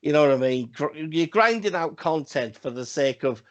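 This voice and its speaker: A man with a slightly high voice co-hosts a casual podcast. He rambles, swears freely and repeats himself for emphasis. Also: expressive, normal speed, lo-fi sound. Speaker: podcast co-host. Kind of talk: casual wrestling podcast chat.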